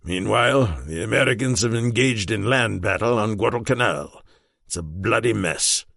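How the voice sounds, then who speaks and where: A man voicing a gruff, commanding aging British prime minister in an audiobook. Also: fairly low pitch, normal speed, fairly bright tone, no room sound, studio quality.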